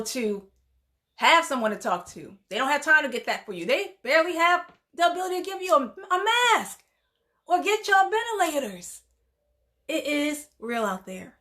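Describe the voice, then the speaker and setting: Her voice sits fairly high with a sharp tone as this woman, a psychotherapist and counselor, addresses viewers directly in a heartfelt vlog. Chatty and encouraging, she laughs a lot and drops casual asides such as "y'all."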